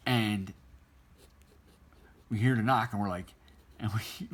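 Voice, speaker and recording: A man's voice: medium pitch, huge pitch swings, measured pace, pauses often, a bit bright. A middle-aged man casually telling a childhood story while he draws, rambling and laughing often. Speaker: artist drawing on stream.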